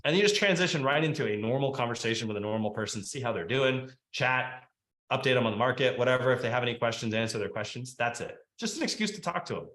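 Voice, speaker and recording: A man teaching a webinar talk on real estate marketing, lively and conversational, acting out quick phone dialogues. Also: mid-range voice. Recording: echoey room.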